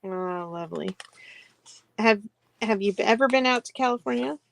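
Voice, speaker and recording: A woman's voice: medium pitch, gravelly, a little hiss or hum. A woman co-hosting a live craft sale, giggly and chatty, counting down the bids. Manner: giggly, slow and warm, counts down auctions. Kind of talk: casual live-stream chat.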